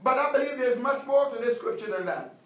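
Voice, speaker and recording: Male pastor, sermon delivery, insistent repeated commands, high voice, roomy distant sound. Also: slight background noise. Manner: emphatic preaching with repeated commands, slowing for stress.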